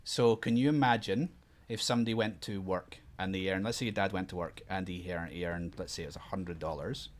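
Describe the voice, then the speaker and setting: A middle-aged man co-hosting a casual family podcast chat. He talks in a halting, self-deprecating way and explains things patiently to children. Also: deep voice, slight background noise. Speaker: podcast co-host.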